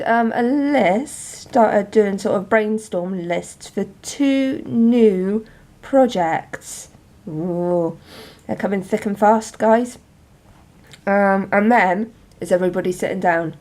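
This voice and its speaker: A woman talks through her journal in a chatty, rambling way, full of little laughs and ums. Her voice sits at a middle pitch for a woman, and she shows her pages as she talks. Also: a little mellow. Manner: chatty, giggly, many ums. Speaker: journal vlogger. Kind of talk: casual chat to camera.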